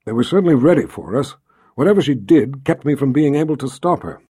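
A man's voice: mid-range voice, lively intonation, a little fast, warm tone, breathy edge. Rika, a curt tough woman, read by a man.

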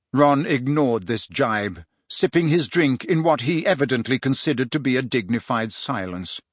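A man narrating an audiobook in an expressive storytelling style on a close studio mic. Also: medium pitch, dry recording. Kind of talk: scripted narration.

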